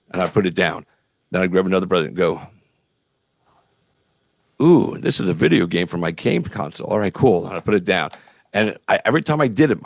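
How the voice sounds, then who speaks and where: A man's voice: deep voice, no room sound. Rambling, foul-mouthed male interview host. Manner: rambling, profane, lots of fillers. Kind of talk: casual interview chat.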